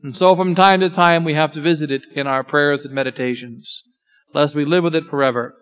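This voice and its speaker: High-voiced preacher in a reverberant church. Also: male voice, fairly even intonation, fairly quick, clear, resonant tone. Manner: grave, solemn, swings from raised to hushed. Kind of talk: sermon. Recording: long church reverb with faint music.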